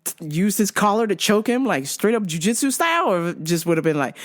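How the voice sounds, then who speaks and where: A woman from Southern California tells comedic stories as a podcast host. Her voice swings widely in pitch as she goes. She swears freely and breaks into laughs often. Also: a little fast. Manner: animated, profane, laughs often. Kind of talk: comedic storytelling.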